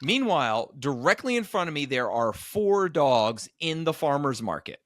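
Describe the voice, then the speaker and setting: A man co-hosting a podcast, telling an animated story in a casual chat. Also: normal speed, no room sound, clean studio sound. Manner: animated storyteller, acts out quoted people in higher voices. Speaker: podcast co-host, comedian.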